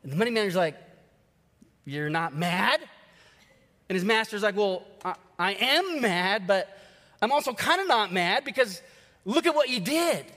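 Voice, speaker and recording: High-voiced pastor in a reverberant hall. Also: male voice, fairly quick. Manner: animated storytelling, acting out characters. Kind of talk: sermon.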